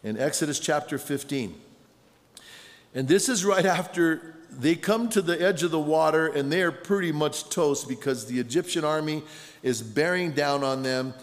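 A middle-aged man preaching a sermon as a pastor, telling stories in an animated way. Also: a little high, normal speed. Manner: storytelling, animated with shouted punchlines. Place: large conference hall. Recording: long hall reverb.

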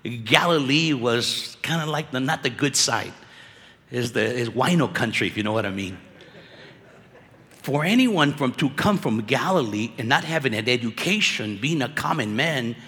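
Animated preaching man in a reverberant hall. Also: mid-range voice. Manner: animated, conversational preaching with slang. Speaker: conference speaker. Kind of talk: sermon. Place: conference hall.

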